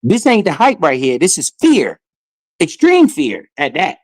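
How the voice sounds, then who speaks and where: A man, talking to his live chat in loose, slangy commentary. His voice sits a little high for a man and swings between calm and fired up. The sound is close and dry, with no room around it. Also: unhurried, no echo. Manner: animated, slangy, swearing, talks to chat. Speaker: crypto live streamer. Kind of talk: casual livestream commentary.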